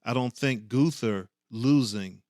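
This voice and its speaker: A man co-hosting a casual wrestling podcast, talking in a relaxed way with many fillers. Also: medium pitch, slow, no room sound, clean studio sound. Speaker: podcast co-host, former referee. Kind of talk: casual sports chat.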